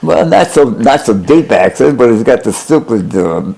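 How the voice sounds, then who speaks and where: A man's voice: medium pitch, very animated, normal speed, vocal fry, dark tone, rough recording. An elderly American man, a war veteran, answering interview questions in a blunt, rambling, plain-spoken way. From United States. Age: older. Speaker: WWII veteran guest. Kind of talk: casual interview.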